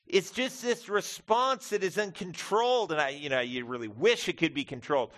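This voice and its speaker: A middle-aged male pastor preaching a conversational sermon, calling the congregation "folks" and swinging between quiet reflection and loud emphasis. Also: high-pitched, lively intonation, moderate pace. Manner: conversational, addresses listeners as folks.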